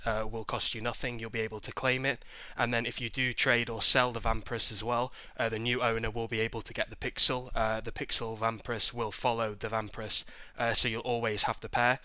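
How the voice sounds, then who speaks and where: Flat-voiced man giving an update, muffled. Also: medium pitch, dry recording. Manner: starts nearly every phrase with "uh". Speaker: project team member. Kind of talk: project update on a voice call.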